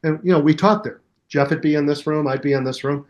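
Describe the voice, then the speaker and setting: Animated older man telling stories. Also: quick pace, dull audio. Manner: animated storyteller who scats bass lines aloud. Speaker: bass teacher and musician guest. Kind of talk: casual storytelling interview.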